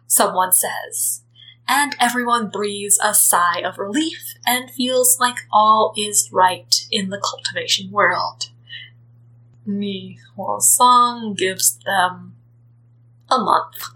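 A woman reading a story aloud as narrator, gentle and expressive. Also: medium pitch, slow, poor audio. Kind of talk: reading fan fiction aloud.

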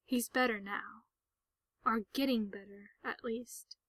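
A woman voicing an anxious, protective young man in a storybook reading, hushed and tender. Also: on the high side, fairly even intonation, slow, breathy edge, no room sound, full character voice.

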